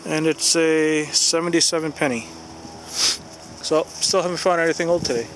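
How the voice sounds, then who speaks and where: A man chatting casually to viewers while metal detecting outdoors, talking slowly and musing to himself as he digs, sometimes out of breath. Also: a little high, fairly even intonation. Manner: slow, musing, talks to viewers while digging. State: out of breath at times. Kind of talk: casual outdoor commentary to camera. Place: outdoors in a rural field. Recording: loud outdoor noise.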